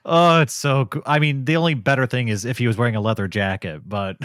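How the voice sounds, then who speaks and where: A man co-hosting a podcast recorded close and dry, with no room sound at all. He talks in a loose, casual review style, keen and often laughing. His voice sits at an ordinary middle pitch. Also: fairly even intonation, fast talker, a bit bright, dry recording. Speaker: podcast co-host. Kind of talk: casual episode review chat.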